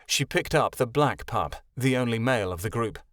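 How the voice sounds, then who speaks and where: A man reading a fantasy audiobook as the narrator, in an expressive storytelling manner. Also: medium pitch, moderate pace, dry recording, clean studio sound. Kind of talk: scripted narration.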